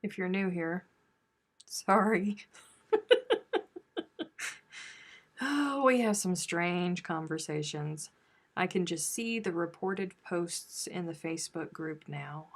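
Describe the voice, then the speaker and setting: Hosting a laid-back crochet livestream, this woman talks in a fairly low, slow voice with frequent pauses. Her manner is chatty and playful, full of Southern drawl, and she reads her viewers' comments out loud.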